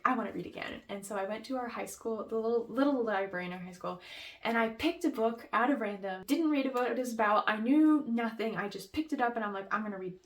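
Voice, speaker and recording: A woman's voice: medium pitch, slight background noise. A young woman chatting about her favorite books in a casual vlog, gushing and peppering her talk with "like" and "um". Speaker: book vlogger. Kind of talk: casual book review chat.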